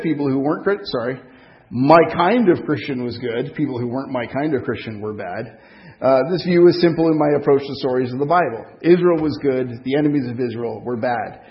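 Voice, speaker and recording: A man's voice: fairly high pitch, muffled recording. A man with a French accent preaching a sermon in a church hall, talking conversationally and putting questions to the congregation. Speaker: pastor.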